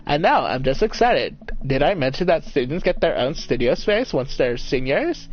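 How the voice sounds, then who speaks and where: A man voicing an eager young adult daughter heading off to college, chatty and excited. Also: a little high, moderate pace. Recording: dull lo-fi mic, faint music.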